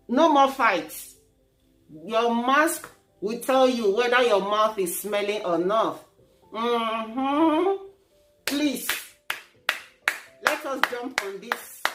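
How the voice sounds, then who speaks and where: A Nigerian woman hosts a casual vlog, teasing and lecturing her viewers in turn. She speaks slowly in a fairly high voice. The room echoes, and soft music plays underneath. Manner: playful, teasing, preachy. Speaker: vlogger.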